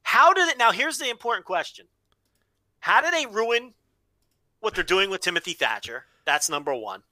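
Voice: mid-range voice, sing-song, normal speed, bright, forceful tone, no echo. A podcast co-host chatting casually about wrestling, emphatic and playful, fond of repeating a favorite phrase.

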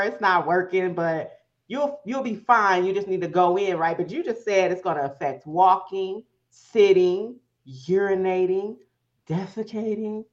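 A woman's voice: medium pitch, muffled recording. A woman hosting a casual interview, prompting her guest with encouraging questions. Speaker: podcast host.

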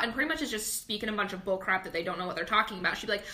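A woman's voice: medium pitch, pushed and bright. A woman co-hosting a podcast, chatting frankly and giving her opinions. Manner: frank, opinionated, quick asides. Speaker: podcast co-host. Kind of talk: casual chat.

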